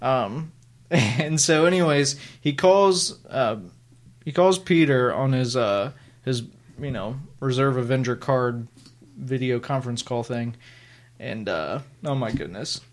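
A man on a comics podcast chatting casually and acting out scenes in quick, funny voices. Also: mid-range voice. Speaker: podcast co-host.

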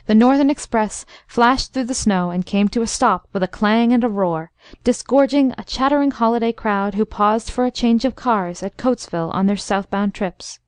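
Casting: woman audiobook narrator, even storytelling, a little high, dry close sound. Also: no room sound. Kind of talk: scripted narration of a classic story.

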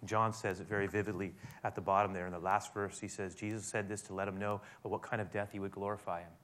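A man's voice: on the low side, flat delivery, fast, hardly any pauses, a bit bright. A man preaching a sermon, emphatic and speaking straight to his listeners with frequent direct questions. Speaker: pastor.

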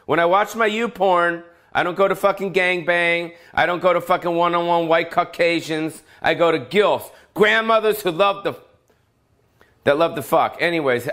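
Profane rambling comedian, slightly high voice. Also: male voice, fairly bright tone. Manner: profane, rambling, full of fillers. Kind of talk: solo comedic rant.

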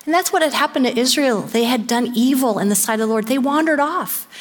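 A woman podcast host delivering a sermon-style message as an animated storyteller who acts out voices. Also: high voice, brisk.

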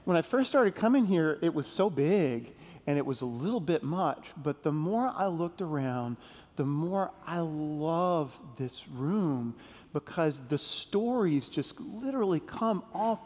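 Slow, gentle man in an echoing sanctuary. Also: fairly high pitch. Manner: gentle, playful storytelling to kids, asking questions. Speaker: pastor leading a children's message. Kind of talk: children's sermon with call-and-response. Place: large church sanctuary. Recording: long reverb of a big sanctuary.

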